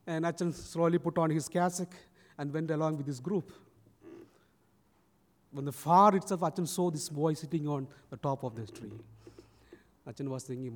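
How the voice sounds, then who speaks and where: A man's voice: on the high side, normal speed, pauses often, a little mellow. A man preaching a sermon, telling a story and acting out its people. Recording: long church reverb.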